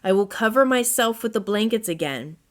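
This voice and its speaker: A woman voicing a fussy, excitable male owl as she reads a children's storybook aloud. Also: fairly quick, close to an everyday voice. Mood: fretful. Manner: high, fretful storybook voice.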